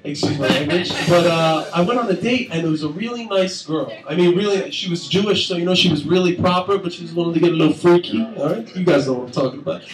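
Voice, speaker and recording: A man's voice: fairly high pitch, fast talker, few pauses. A young man doing a crude, rambling stand-up comedy set on a club stage, laughing at his own jokes. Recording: echoey room from far, crowd noise.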